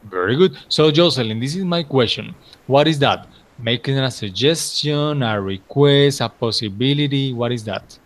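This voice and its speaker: A man's voice: mid-range voice, expressive, moderate pace. A man teaching an English class, patiently repeating answers and praising his students.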